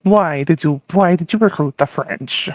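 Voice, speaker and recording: A man's voice: fairly high pitch, moderate pace, no room sound, clean studio sound, lightly acted. A man doing an exasperated Nordic nation. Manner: exasperated, scolding. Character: scornful male Nordic nation, impatient mentor.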